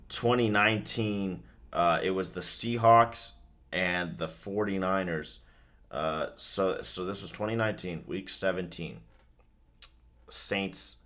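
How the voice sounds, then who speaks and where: A man with a fairly low voice chats about football in a loose, profane rant. He jumps from fired-up bursts to flat, let-down muttering as he talks over a game. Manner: profane, ranting, swings from excited to deflated. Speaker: host watching and commenting on a football game. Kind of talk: casual sports chat.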